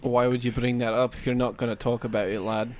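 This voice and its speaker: Man doing a gruff tabletop adventurer, plain mid voice, pushy, says aye and lad. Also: medium pitch, flat delivery, quick pace, a little mellow, a little hiss or hum, natural voice. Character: blunt adventurer man, hired bodyguard.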